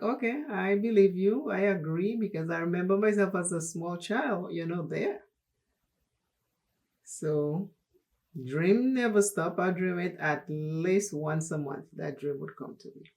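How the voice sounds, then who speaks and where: A woman from Dominica, hosting a makeup tutorial and telling a personal story in an unhurried, chatty way. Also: low-pitched, a little mellow. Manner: unhurried, chatty, laughs while telling stories. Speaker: makeup channel host.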